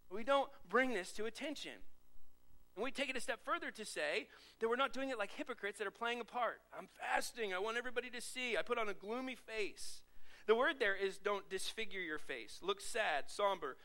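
Guy preaching a sermon, pretty high voice, chatty, keeps asking the crowd stuff. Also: normal speed, poor audio. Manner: lively conversational preaching with audience questions. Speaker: pastor.

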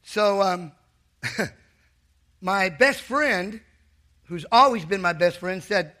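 Middle-aged male pastor, high bright voice, joking sermon storyteller. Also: expressive, extremely slow. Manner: humorous, teasing the congregation.

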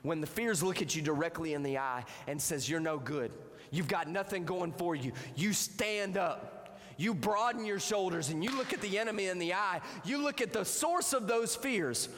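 A man delivers a youth sermon in a high, bright voice, hammering his points home by repeating them. He builds from steady teaching to outright shouting. His words ring through a large hall with a long, trailing echo. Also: normal speed. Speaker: youth pastor.

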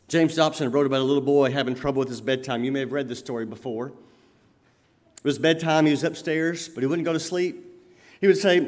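High-voiced preacher in a reverberant hall. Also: male voice, moderate pace. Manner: dynamic, swings from loud emphatic lines to quiet lowered ones. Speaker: pastor. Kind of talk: sermon.

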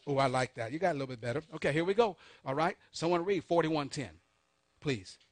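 A man preaching a sermon, calling on the congregation to answer back, swinging between soft asides and loud emphatic peaks. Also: fairly high pitch, brisk, no echo. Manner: call-and-response preaching, urging the congregation. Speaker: pastor.

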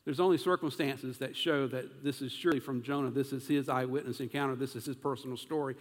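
A man preaching an animated sermon as pastor, asking his congregation questions as he goes. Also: mid-range voice, fast talker, long reverb tail.

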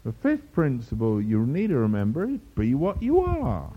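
Lively preacher man, dull lo-fi recording. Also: mid-range voice, normal speed, husky. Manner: lively, mimics other preachers for humor. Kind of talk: sermon.

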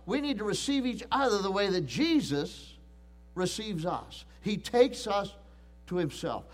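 A man's voice: high-pitched, animated, a little slow. A middle-aged man preaching a sermon, earnest and emphatic, often restarting phrases and repeating key points. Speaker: pastor.

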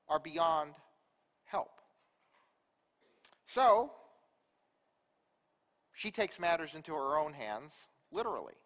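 Male pastor, sermon delivery, high pitch, unhurried storytelling, reverberant hall. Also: sing-song. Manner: storytelling, rhetorical questions, big swings in loudness. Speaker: preacher.

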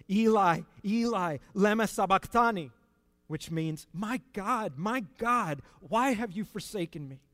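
Man, sermon, earnest, emphatic swells, slightly high voice, dry close sound. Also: no room sound. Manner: earnest, rising to emphatic peaks, conversational asides. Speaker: preacher.

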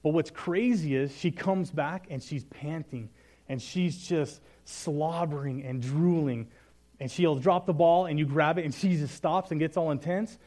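A man gives a casual sermon to a Bible study group, telling self-deprecating stories in a voice pitched a little high. His tone is warm and mellow, and he often drops into quiet, earnest reflection. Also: unhurried.

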